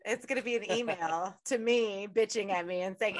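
A woman's voice: medium pitch, normal speed, crowd noise. Woman, podcast host, from Upstate New York, casual chat, curses a lot, laughs often. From Utica, New York. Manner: profane, laughs often, animated storytelling.

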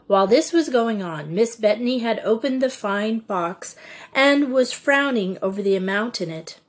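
A woman narrating an audiobook in a measured, unhurried way. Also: a little high, animated.

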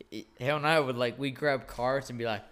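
A young man, a former bartender, hosts a podcast, telling animated stories in casual chat and swearing freely. His voice is medium-pitched and his pace moderate.

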